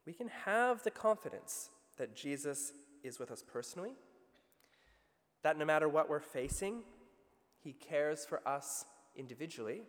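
Animated Australian preacher in a reverberant hall. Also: male voice, fairly high pitch. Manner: animated storytelling with vivid asides. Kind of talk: sermon.

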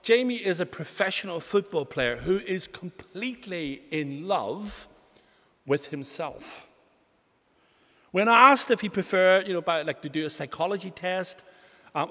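A man delivers a sermon in a high voice that swings widely in pitch. He leans on rhetorical questions and sprinkles "you know" through his lines. His voice rings out with the long reverb of a hall. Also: expressive, a little slow, fairly bright tone. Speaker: preacher.

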